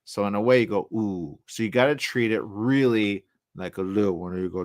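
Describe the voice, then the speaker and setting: A man hosting a radio talk show alone, rambling in a loose, animated way, jumping into quoted voices and trailing off into mumbles. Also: on the low side, normal speed, dry recording, studio quality.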